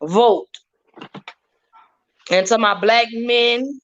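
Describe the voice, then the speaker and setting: A woman's voice: mid-range voice, steady tone, measured pace. Woman, podcast guest, heartfelt, emphatic, repeats phrases, muffled lo-fi sound. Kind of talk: casual podcast talk. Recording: dull lo-fi audio.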